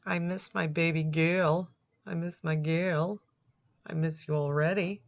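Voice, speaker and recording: A woman reading out a lovesick, clingy young man's chat messages in a slow, mocking way, on a dull lo-fi recording. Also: low-pitched, steady tone. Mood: mock-sappy. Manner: slow, mocking, drawn-out read-out. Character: lovesick clingy young man in online chats.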